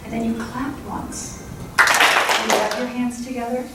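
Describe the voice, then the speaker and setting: Middle-aged woman, qigong instructor, calm guiding voice, very echoey hall, distant mic, audible background noise. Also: on the high side, a little slow, loud music behind the voice. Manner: calm, gently guiding, playful asides. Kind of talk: guided exercise instruction. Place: large echoey meeting room. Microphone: lapel mic. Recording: echoey room audio with noise.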